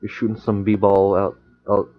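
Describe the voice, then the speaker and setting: A young man with a lowish voice tells a rambling story in casual podcast chat. He halts often, filling gaps with "uh" and "you know" and restarting sentences. The recording sounds muffled and lo-fi. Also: level tone. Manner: halting storyteller, many fillers and restarts. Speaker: podcast guest.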